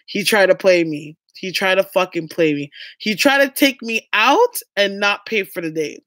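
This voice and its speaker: A woman's voice: medium pitch, normal speed, hardly any pauses, a bit bright, no room sound, clean studio sound. A young woman vlogging, telling a story to her viewers in a blunt, chatty way and swearing freely.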